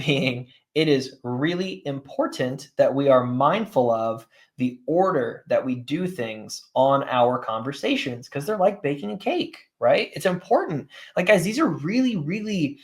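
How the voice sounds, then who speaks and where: Man coaching with a slightly high voice. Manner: conversational, often checks in with "right?" and "guys"; plain-spoken, teaches through examples. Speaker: sales coach. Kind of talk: live coaching session.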